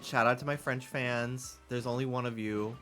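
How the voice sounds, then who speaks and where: Male streamer, bright and sharp tone, sarcastic rambler, faint background music. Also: mid-range voice, fairly even intonation, normal speed. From United States. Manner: rambling, profane, sarcastic, laughs often. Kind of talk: casual stream chat.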